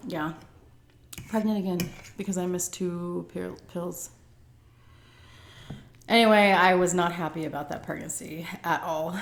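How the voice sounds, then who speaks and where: A woman's voice: fairly low pitch, fairly even intonation, unhurried, pauses often, a little hiss or hum. Chatty woman telling a story in an echoey room. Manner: chatty, full of "like" and "um" fillers. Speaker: vlogger telling a personal story. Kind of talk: casual storytelling.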